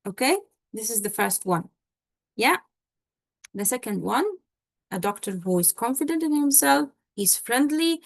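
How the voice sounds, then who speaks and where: A woman tutoring medical exam candidates in an online session. She explains step by step, often checking in with "okay?" and "all right?" and pausing on fillers. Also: fairly high pitch, gravelly, no room sound.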